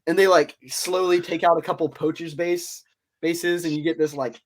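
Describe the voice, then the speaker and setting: A young man chatting casually on a podcast, telling movie ideas in an excited, rambling way full of fillers. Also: a little high, normal speed. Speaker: guest.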